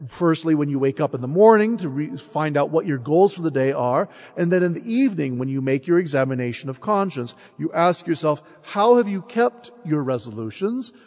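A man preaching a mission sermon who tells a story in an animated way and acts out its characters. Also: fairly high pitch, brisk, hardly any pauses, long reverb tail.

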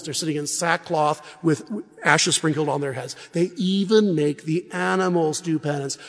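A man preaching a sermon at a parish mission, telling Bible stories in a lively, humorous way. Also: a little high, creaky, long reverb tail. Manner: animated storytelling with humor.

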